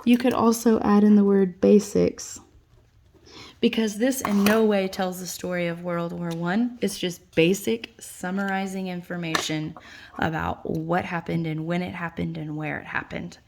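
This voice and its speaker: A woman teacher, tired late at night, slowly and patiently walking students through their notes in a recorded lesson. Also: lowish voice, steady tone, darkish tone, a little hiss or hum. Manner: slow, patient explaining.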